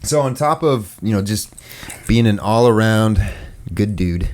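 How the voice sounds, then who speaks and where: Podcast host, upper midwest accent, very low voice, loose rambling delivery. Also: male voice, normal speed, a little mellow. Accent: upper Midwestern American. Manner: rambling, lots of filler words. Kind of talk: casual podcast chat.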